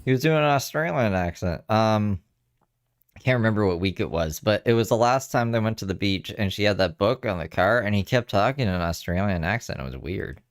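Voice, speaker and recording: This man's voice is on the low side and expressive, a touch fast, with a slight hiss or hum in the audio. He's a streamer giving laid-back live reaction commentary on a livestream, cursing and laughing as he talks.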